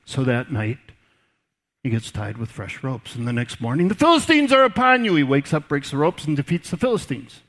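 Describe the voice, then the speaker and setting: A man's voice: medium pitch, moderate pace, a little mellow. A man preaching a sermon as pastor, conversational, repeating words and dropping folksy asides.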